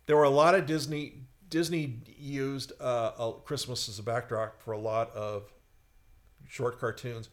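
A man chatting casually, an animated storyteller who recounts old cartoon plots with feeling. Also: unhurried. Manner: animated storyteller, acts out squeaky cartoon voices in quotes. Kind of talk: casual chat.

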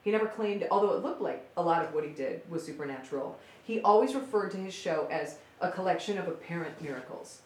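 A woman stage magician chatting casually as a podcast guest, telling stories with lively acted-out voices. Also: lowish voice, fast, few pauses. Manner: animated storyteller who acts out quoted voices. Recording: roomy with faint background noise.

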